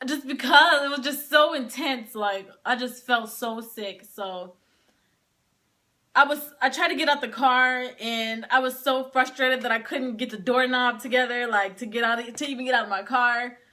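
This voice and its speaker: Bright-voiced young woman telling her story. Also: on the high side, normal speed. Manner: casual, heavy use of "like", emotional retelling. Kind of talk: personal storytelling to camera.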